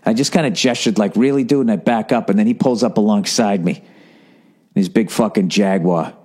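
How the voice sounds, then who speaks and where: A man's voice: fairly low pitch, normal speed, darkish tone, husky. A man, a comedian, telling a story in a casual, profane, self-mocking monologue.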